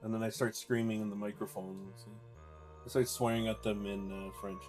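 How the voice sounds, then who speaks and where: A man's voice: fairly low pitch, flat delivery, normal speed, a little mellow, faint music behind. Laid-back man streaming a game. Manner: casual, chatty, thinks aloud and reads chat. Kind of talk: live gameplay commentary.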